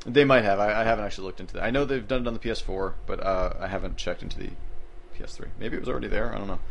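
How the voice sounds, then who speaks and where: A man's voice: fairly low pitch, rapid-fire, creaky, a little hiss or hum. A man co-hosting a casual podcast, rambling and joking, who slips into put-on accents. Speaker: podcast co-host. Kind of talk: casual chat.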